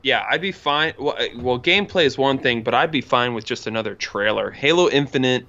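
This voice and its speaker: Brief: male co-host, bright forceful tone, relaxed and hesitant delivery. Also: mid-range voice, a little fast, muffled recording. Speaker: podcast co-host. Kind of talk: casual chat.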